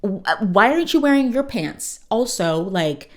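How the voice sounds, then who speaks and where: A woman voicing a fussy cartoon schoolgirl fretting over her clothes, in a higher, emphatic, swearing voice. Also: big pitch swings, normal speed, natural voice. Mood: fretful.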